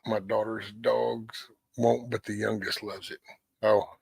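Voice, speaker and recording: A man's voice: lowish voice, level tone, takes it slowly, vocal fry, slightly rough, no echo. A middle-aged man hosting a morning livestream, chatting casually and rambling in a folksy way with the odd curse word. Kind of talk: casual morning chat with viewers.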